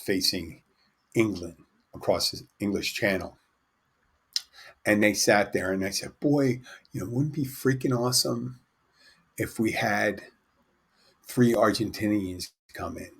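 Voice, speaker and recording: A man's voice: fairly low pitch, a bit bright, slightly rough. A man hosting a podcast, casually telling a bar anecdote and acting out the other people's lines. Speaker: podcast host and bartender. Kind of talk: casual storytelling.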